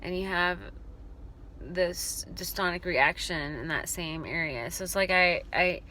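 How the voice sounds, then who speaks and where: A woman chatting slowly to her viewers in a casual vlog. Her voice is bright and clear, and she rambles in a heartfelt, affectionate way, pausing often and filling gaps with "um" and "you know.". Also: fairly low pitch, a little hiss or hum. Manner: rambling, heartfelt, with frequent pauses and fillers. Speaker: dystonia awareness vlogger. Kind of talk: casual personal vlog talk. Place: car.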